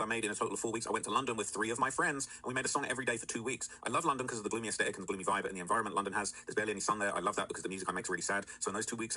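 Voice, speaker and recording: Rapid-fire low-voiced male commentator. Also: sharp tone, breathy edge, rough recording. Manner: rapid rambling with many fillers. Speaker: commentary host. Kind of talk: casual commentary.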